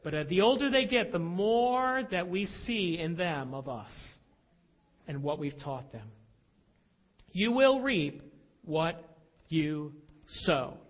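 A male pastor with a very high voice, preaching in an animated, dramatic storytelling way. He is heard in a church hall with a long, ringing reverb, and the recording sounds dull and muffled. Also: slow pace, long pauses. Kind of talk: sermon.

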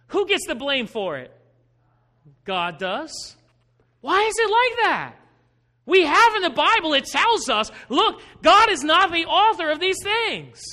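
A man's voice: extremely high pitch, sharp tone. A man preaching a patient Bible-teaching sermon, asking questions and stressing key words. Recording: long hall reverb.

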